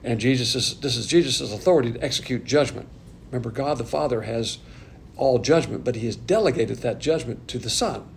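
A man's voice: mid-range voice, a little fast, creaky, slight background noise. A man giving a doctrinal Bible lesson, working methodically through numbered points and asking questions to his listeners. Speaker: Bible teacher. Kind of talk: doctrinal Bible teaching from notes.

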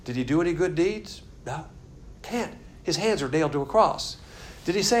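A man teaching a Bible study in a casual sermon style, folksy and blunt, with a gravelly voice. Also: a little high, animated, normal speed, slight background noise.

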